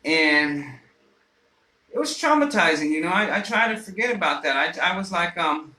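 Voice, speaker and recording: A man's voice: a little high, lively intonation, moderate pace, pushed and bright. A man on the radio telling a personal story in a casual, rambling way, swearing often and restarting his sentences. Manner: rambling, profane, frequent fillers and restarts. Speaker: radio host. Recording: roomy echo.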